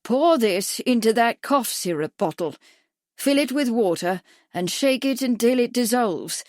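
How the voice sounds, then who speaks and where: A loud, sharp old doctor who is hard of hearing, barking his words and scolding, put on by a woman narrating an audiobook. The voice is pitched up and pushed hard, with a dry, close sound. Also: animated, unhurried, no room sound. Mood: instructing. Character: deaf, gruff elderly male racing doctor.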